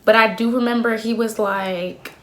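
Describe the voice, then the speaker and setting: A young woman in her twenties telling a story to her phone camera in a casual, slangy, animated way, laughing often. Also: fairly high pitch, normal speed, slight background noise. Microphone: phone camera at arm's length.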